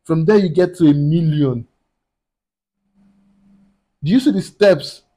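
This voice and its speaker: A man's voice: on the high side, slow pace, mellow. A young man from Nigeria hosting a reaction video, emotional and apologetic, repeating his words as he talks.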